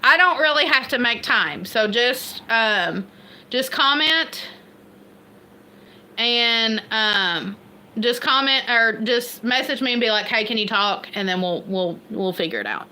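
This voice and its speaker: A woman's voice: a little high, expressive, slow pace, pushed and bright. A woman from Kentucky with an Appalachian accent, chatting casually and rambling on a livestream, laughing at herself. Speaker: homestead livestream host.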